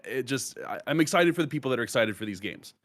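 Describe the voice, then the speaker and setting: A man co-hosting a podcast, chatting casually and hesitantly, with many pauses and restarts. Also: medium pitch, animated, a bit bright, dry recording. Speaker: podcast co-host.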